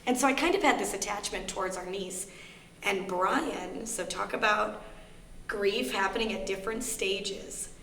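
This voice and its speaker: A woman's voice: mid-range voice, moderate pace, a bit bright. Earnest woman telling her story in an echoey room. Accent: Minnesota. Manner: earnest, candid storytelling with shifting emphasis. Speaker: guest speaker on grief. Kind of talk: personal talk to an audience. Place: library meeting room. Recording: echoey room with faint hum.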